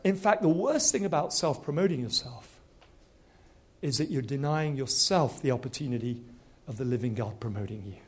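A man from Nigeria preaching a sermon, telling a story quickly and animatedly, then dropping to quiet, earnest exhortation. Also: medium pitch, lively intonation, slightly rough.

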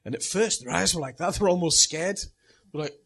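A man's voice: a little high, brisk, creaky, fairly bright tone, slightly rough. A middle-aged man, a pastor, telling a funny family story in a chatty sermon and laughing at it as he goes. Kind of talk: sermon with personal anecdote.

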